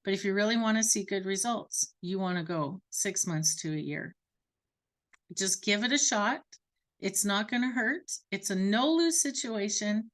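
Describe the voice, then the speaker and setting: A woman voicing a persuasive saleswoman, speaking softer and lower. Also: measured pace, lightly acted. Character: persuasive woman selling wellness products.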